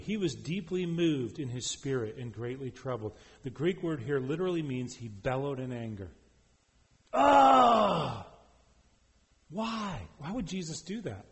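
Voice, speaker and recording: A man preaching a sermon, moving between forceful emphasis and soft, hushed passages. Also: mid-range voice. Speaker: preacher and professor. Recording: long hall reverb.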